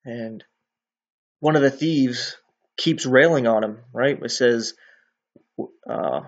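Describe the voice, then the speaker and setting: A man talks through a Bible passage in a loose, conversational way, now and then checking in with his listener. His voice sits at an ordinary middle pitch. The recording sounds a little dull and lo-fi. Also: takes it slowly, pauses often. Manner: conversational, often ends with "right?". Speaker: bible teacher. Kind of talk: casual bible teaching.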